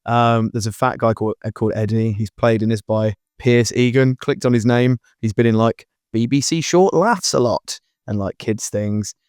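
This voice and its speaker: Speaking at normal speed with hardly any pauses, this podcast co-host has a medium-pitched, slightly mellow, clean-toned voice. He rambles earnestly through his ideas in casual chat, full of fillers and restarts. Recorded on a podcast mic, the sound is studio quality with no room sound.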